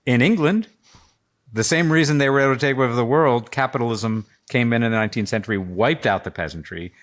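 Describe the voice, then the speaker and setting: A man co-hosting a casual political podcast, opinionated and lecturing, swearing freely. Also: mid-range voice. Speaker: podcast co-host.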